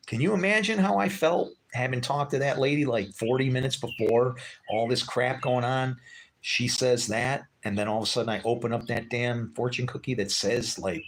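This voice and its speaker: A man's voice: mid-range voice, moderate pace, a little hiss or hum. Rambling man telling a personal story. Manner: chatty, loose, full of "like" and "right?" asides. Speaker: vlogger.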